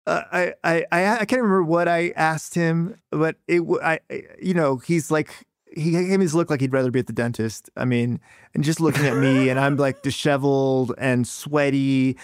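A man's voice: fairly high pitch, fairly even intonation, normal speed, no echo, studio quality. A man telling a story in casual chat, self-deprecating and rambling, with lots of fillers and restarts. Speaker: guest storyteller.

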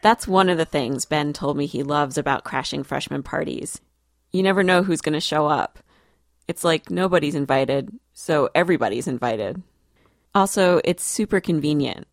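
A woman reporter telling a story in measured, scripted radio narration. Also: low voice, no echo, studio quality.

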